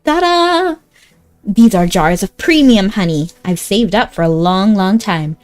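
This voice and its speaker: A woman's voice: mid-range voice, animated, measured pace, natural voice. A woman voicing a small, earnest village girl who lost her cat and asks for help. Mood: grateful. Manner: earnest, pleading.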